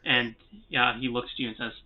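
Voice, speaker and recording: Man narrating a game over a tinny line. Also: medium pitch. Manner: relaxed, many filler pauses. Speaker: game master. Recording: tinny phone-like sound.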